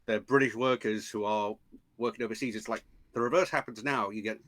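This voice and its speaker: A man's voice: fairly low pitch, steady tone, brisk, fairly bright tone, no room sound. A man who is a guest on a podcast, chatting casually about a film and often repeating words as he thinks.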